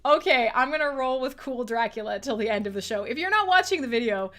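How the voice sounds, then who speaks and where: Bright, lively livestream host woman. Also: on the high side, fast. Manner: playful, chatty, laughs often. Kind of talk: casual livestream chat.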